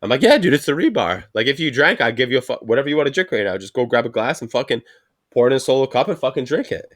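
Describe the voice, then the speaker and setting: Very animated and talking very fast, a podcast co-host with a medium-pitched voice spins stories in casual chat. He swears a lot and performs his coworkers' quotes.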